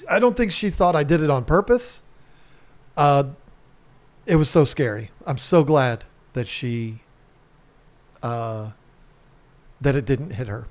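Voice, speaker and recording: A middle-aged man telling a casual story to camera as a home restoration vlogger, animated, swearing casually and mimicking sounds. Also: mid-range voice, slow, long pauses.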